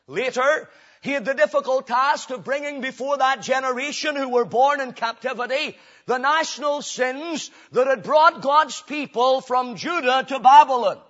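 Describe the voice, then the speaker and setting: A man preaching a sermon emphatically, rising to loud declarations and dropping to low, intense passages. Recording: dull lo-fi recording.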